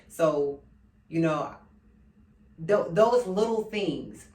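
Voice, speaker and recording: A woman's voice: low-pitched, animated, extremely slow, darkish tone. A woman in her thirties giving an earnest personal monologue. She speaks straight to her listeners and keeps coming back to the same phrases. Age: 30s. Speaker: speaker addressing men. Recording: roomy sound from a distant mic.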